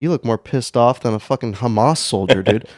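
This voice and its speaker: A man co-hosting a casual podcast, making crude jokes and quick asides. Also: mid-range voice, no room sound, studio quality. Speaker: podcast co-host.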